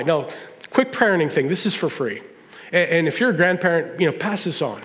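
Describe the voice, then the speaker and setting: A man's voice: on the high side, lively intonation, brisk, a bit bright. A middle-aged man, a pastor, preaching a humorous storytelling sermon and acting out family dialogue. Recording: long reverb of a large hall.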